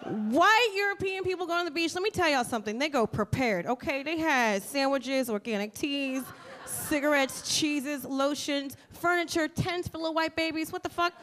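A woman's voice: sits high, moderate pace, fairly bright tone. A woman doing a stand-up comedy set in a comedy club, with a brash, profane and sassy delivery into a handheld stage mic. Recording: live club audio with crowd noise.

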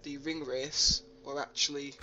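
A man's voice: mid-range voice, little pitch movement, measured pace, bright, forceful tone, lo-fi sound, slight background noise. A young man casually commenting on his gameplay, rambling with lots of ums and uhs. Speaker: let's play host. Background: game music.

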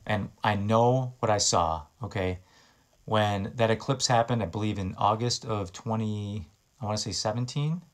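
Low-voiced man preaching with earnest urgency. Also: normal speed. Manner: earnest and exhorting, rising to emphatic bursts. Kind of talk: informal sermon.

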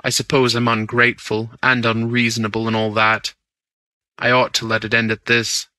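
Man reading a suave gentleman thief. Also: mid-range voice, completely flat delivery, normal speed, smooth, no echo, close to an everyday voice. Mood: persuasive. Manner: easy, amused, persuasive. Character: suave gentleman thief, male, charming, self-assured.

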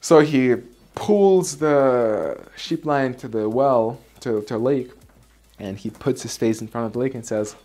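A man's voice: mid-range voice, measured pace, a little mellow. A man, an Aikido instructor, casually telling a personal story; candid, swearing at times and restarting his sentences.

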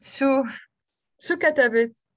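A woman's voice: sits high, moderate pace, dry recording. A woman with a Lebanese accent teaching an online beginners' language class over a video call, patiently spelling out letters one by one and encouraging her students. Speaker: Arabic teacher. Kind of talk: live online language lesson.

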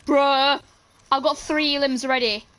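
A woman chatters through a casual gaming session, excitable and quick to call out to her teammates. Her voice sits a little high, with a faint hiss of noise under it. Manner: chatty, excitable, talks to teammates while playing. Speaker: gaming channel host. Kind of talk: casual gameplay commentary.

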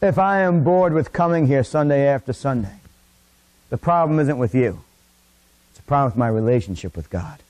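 A middle-aged man preaching a sermon in a church, impassioned, rising to near-shouts. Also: mid-range voice, lively intonation, moderate pace. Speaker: pastor. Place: church sanctuary.

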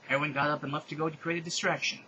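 Brief: male reader hamming up bad fan fiction, slightly high, bright tone, deadpan asides. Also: rapid-fire, dull audio, a little hiss or hum. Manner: deadpan asides, exaggerated reading. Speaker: fanfic reader. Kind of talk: comedic dramatic reading.

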